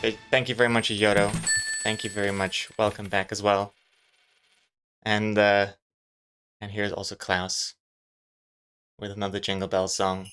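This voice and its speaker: A man's voice: fairly low pitch, level tone, a little slow, long pauses, a bit bright, clean tone, soft background music. A man chatting loosely on a live stream as he works on his comic, rambling and joking with many fillers. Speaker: webcomic artist streaming his drawing. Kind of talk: casual live-stream chat.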